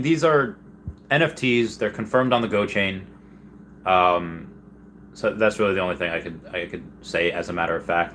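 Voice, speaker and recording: A man hosting a casual livestream, reading viewer comments aloud and rambling excitedly, often trailing off mid-sentence. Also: low voice, slight background noise. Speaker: livestream host.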